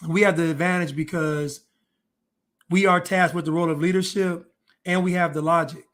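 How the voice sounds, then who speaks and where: Guy with a high-ish voice doing preachy reaction commentary. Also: fairly even intonation, moderate pace, fairly bright tone. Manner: preachy, lecturing.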